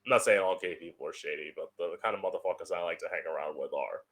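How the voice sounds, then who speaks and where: A man's voice: sits low, fast talker, fairly bright tone, breathy edge. A young man hosting his own podcast from home, talking casually in a chatty, sardonic way and swearing freely. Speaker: podcast host. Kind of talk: casual solo podcast monologue.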